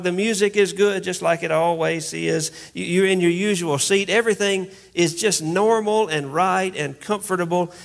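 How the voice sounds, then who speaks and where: Man, pastor, casual storytelling sermon, slightly high voice, wry humor. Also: a bit bright. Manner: conversational, humorous storytelling, pace shifting from quick asides to slow emphasis.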